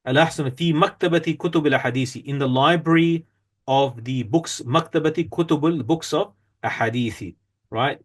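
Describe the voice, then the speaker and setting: A man at an ordinary pitch teaches a grammar lesson, working through a textbook passage by passage. He explains patiently, often pausing on fillers and correcting himself mid-phrase. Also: a bit bright. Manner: explains step by step, reads from a textbook, many fillers and self-corrections.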